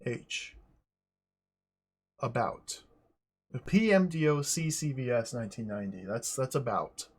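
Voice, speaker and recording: A man streaming a game live, talking through it aloud in an excitable, joking way. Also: medium pitch, measured pace, long pauses, slightly rough. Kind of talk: casual live gameplay commentary.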